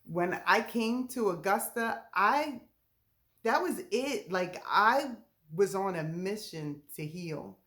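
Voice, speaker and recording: A woman's voice: mid-range voice, expressive, slow, a bit bright. A woman leading a ministry message, speaking in a heartfelt, emotional way and laughing through near-tears. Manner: heartfelt, laughing through tears, Southern-tinged casual speech. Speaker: ministry leader.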